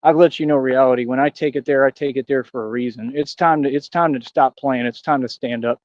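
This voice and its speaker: A man's voice: mid-range voice, steady tone, brisk, darkish tone, dry recording, muffled recording. Rambling aggrieved man on a livestream. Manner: rambling, aggrieved, preachy, slangy. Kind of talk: casual livestream rant. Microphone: streaming mic.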